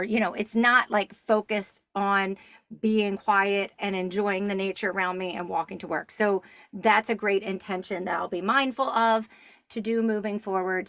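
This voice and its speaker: A woman podcast host responding thoughtfully in casual chat, with a measured way of talking. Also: lowish voice, fairly bright tone, dry recording.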